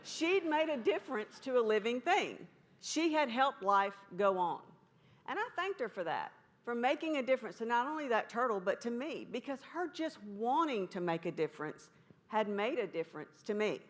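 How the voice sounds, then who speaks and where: A woman's voice: on the high side, sing-song, moderate pace. A woman giving a conference talk, telling a story in a folksy, humorous way. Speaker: conference speaker.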